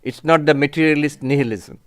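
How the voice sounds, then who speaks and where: A man gives an unhurried spiritual lecture, reflecting aloud and pausing over terms. His voice is smooth and resonant, sitting slightly high for a man. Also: a bit bright. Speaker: spiritual teacher. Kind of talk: lecture with audience questions.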